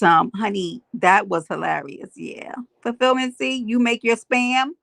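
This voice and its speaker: Woman livestream host, gravelly fry in her voice, dry close sound, casual gossip, greets the chat. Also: medium pitch, a bit bright, dry recording. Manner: chatty, greets commenters, tells stories. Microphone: earphones with mic on a live stream.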